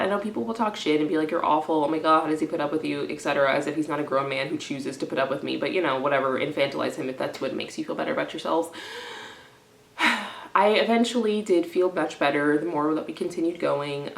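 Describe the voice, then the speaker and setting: A young woman vlogging in a stressed, rambling confessional, swinging from low mumbling to loud indignant outbursts and slipping made-up words into her speech. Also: creaky. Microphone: camera in front of her. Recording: echoey room.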